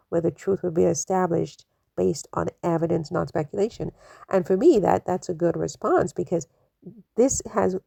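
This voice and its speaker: A woman's voice: fairly low pitch, vocal fry, mellow, dry recording. A woman hosting an opinion commentary, skeptical, asking one rhetorical question after another with many fillers. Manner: skeptical, full of rhetorical questions and "you know"s. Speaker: commentary channel host.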